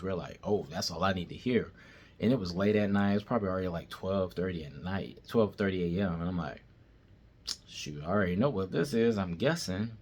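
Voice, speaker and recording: Deep-voiced man telling a story bluntly. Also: darkish tone, breathy edge. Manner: blunt, casual, plain-spoken. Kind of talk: casual storytime monologue.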